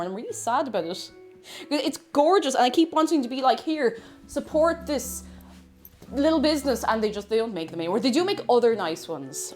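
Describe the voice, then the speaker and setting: Lively chatty Irish woman streamer. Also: on the high side. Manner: chatty, greets viewers warmly by name, reads chat aloud. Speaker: livestream host. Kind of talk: casual chat with viewers while baking.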